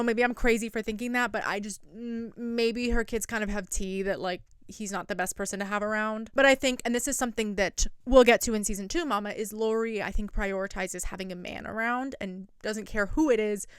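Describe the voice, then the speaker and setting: A woman's voice: mid-range voice, fairly even intonation, brisk, a bit bright, smooth, no room sound, studio quality. A young woman recapping a reality show in casual, sarcastic commentary. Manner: chatty and sarcastic, quotes people in mock voices. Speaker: recap vlogger.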